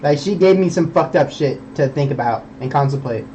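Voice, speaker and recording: A man's voice: on the high side, a little fast, dark tone, highs cut off, slight background noise. A young man streaming, rambling in casual chat, swearing a lot and preaching about belief.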